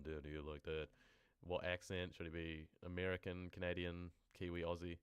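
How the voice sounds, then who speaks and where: A man's voice: low-pitched, monotone, normal speed, hardly any pauses, smooth, no echo, clean studio sound. A man reading true horror stories on a live stream and chatting casually with viewers between passages. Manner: casual, rambling asides to chat. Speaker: horror story narrator and streamer.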